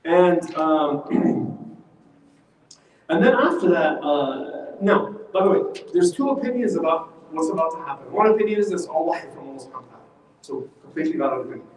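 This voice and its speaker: A man teaching a religious lesson in a mosque hall, animated and quizzing his class, heard from far off. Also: a little high, moderate pace, a little hiss or hum. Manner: animated, asks the class questions.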